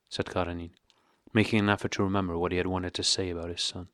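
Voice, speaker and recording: A man narrating an audiobook of a classic novel in a measured, steady way. His voice sits low, and the recording is dry and close. The pacing is even and unhurried. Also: no echo.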